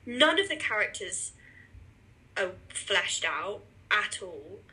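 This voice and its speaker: A woman co-hosting a podcast with a croaky, phlegmy throat, talking bluntly and swearing casually. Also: medium pitch, big pitch swings, takes it slowly, pushed and bright, poor audio. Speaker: podcast co-host. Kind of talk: casual chat.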